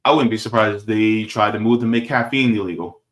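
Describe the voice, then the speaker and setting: A man's voice: on the low side, brisk. A man commenting on a video clip in casual political talk, emphatic and repetitive, tossing in "right?" and "baby".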